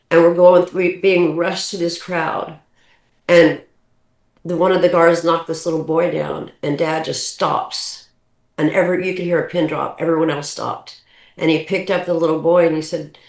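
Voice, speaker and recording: A woman's voice: on the low side, normal speed. A woman in her sixties, a podcast guest, telling family stories in a casual, rambling way with many restarts. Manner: animated, rambling anecdotes with restarts. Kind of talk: casual storytelling. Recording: roomy echo.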